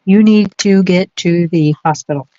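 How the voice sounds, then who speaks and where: A woman's voice: on the low side, normal speed, dark tone, no echo, dull audio. A woman, co-hosting a casual chat and giving listeners direct advice. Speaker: co-host.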